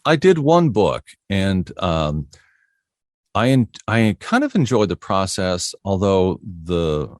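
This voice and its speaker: A middle-aged male voiceover artist speaks slowly in a low, very animated voice, recorded clean in a studio with no room sound. He's relaxed in an interview, trading anecdotes about his work and chuckling often.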